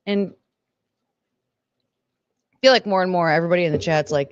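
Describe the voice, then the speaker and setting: A woman's voice: deep voice, brisk, pauses often, no room sound, muffled recording. A woman hosting a casual livestream, talking in a rambling, emotional way and swearing freely. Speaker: livestream host.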